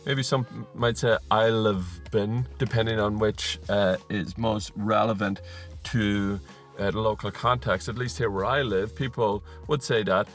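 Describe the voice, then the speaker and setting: Man teaching aloud over soft music. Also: on the low side. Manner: thinks aloud, models sentences slowly and repeats them. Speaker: CELTA trainer and channel host. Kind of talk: teaching video talking to camera.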